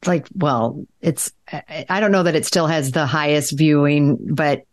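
A woman with a low voice chats on a podcast. She tells a long, winding story, stopping and restarting often and filling gaps with small words. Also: unhurried. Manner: rambling, animated storytelling with many fillers. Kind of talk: podcast conversation.

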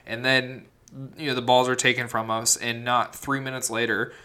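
A man co-hosts a podcast, chatting casually about a trip in an easygoing way. His voice is bright and forceful, and he gives a lot of detail as he tells it. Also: medium pitch, level tone, normal speed. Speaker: podcast co-host. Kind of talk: casual storytelling chat.

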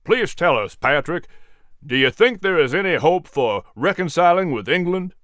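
An actor playing an earnest colonial militia colonel who speaks in a measured, sober way. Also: male voice, on the high side, lively intonation, fairly bright tone, dry recording, studio quality. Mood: inquiring.

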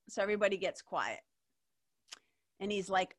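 A woman's voice: mid-range voice, a little fast, a bit bright. A woman hosting an interview, telling a personal story in a candid, emotional way, swearing freely and leaning on "like". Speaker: podcast host.

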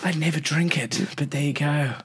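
A man's voice: fairly high pitch, fairly even intonation, moderate pace, fairly bright tone, slight background noise. An Australian man in his thirties, a radio host telling rambling anecdotes as a podcast guest, often laughing mid-sentence. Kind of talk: casual storytelling interview. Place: studio.

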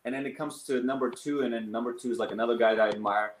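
A man in his thirties, a guest on an interview show, telling stories in an animated, rambling way with many fillers. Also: medium pitch, very fast, a little hiss or hum. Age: 30s. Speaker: guest, business owner and coach. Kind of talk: casual storytelling interview. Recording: roomy echo.

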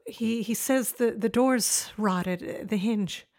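An actress playing an anxious young pregnant wife in an audio drama, speaking softly and stammering. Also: female voice, on the high side, takes it slowly. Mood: flustered. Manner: hesitant, stammering, soft-spoken.

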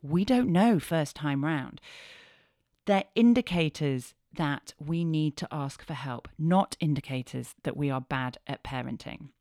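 A woman in her thirties hosts a candid podcast in a low voice. She swears freely and moves from hushed asides to animated bursts. The sound is close and dry. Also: a little slow, no room sound. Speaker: podcast host.

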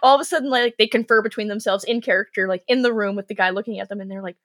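A woman game master telling tabletop stories in casual chat, animated and quoting her players. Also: medium pitch, rapid-fire, few pauses, dry recording. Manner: animated, quotes players in lively voices. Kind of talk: casual podcast storytelling.

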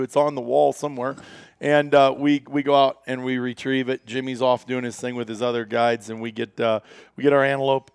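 A man's voice: medium pitch, smooth, no room sound. A middle-aged American man, a company founder, telling a long story in a casual interview, rambling with many fillers and restarts.

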